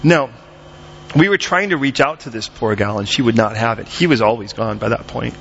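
Middle-aged male pastor, lively sermon storyteller, dull recording. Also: mid-range voice, a little fast, vocal fry, slight background noise. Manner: animated storytelling, acts out voices.

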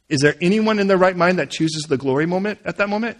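A man preaching a sermon, telling a Bible story in an animated, humorous way. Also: high voice, fast talker, hardly any pauses. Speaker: pastor.

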